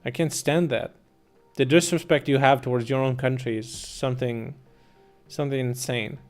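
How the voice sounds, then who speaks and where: A man's voice: medium pitch, fairly even intonation, normal speed, soft background music. A man streaming live, answering chat comments in a blunt, mocking, incredulous way with plenty of swearing.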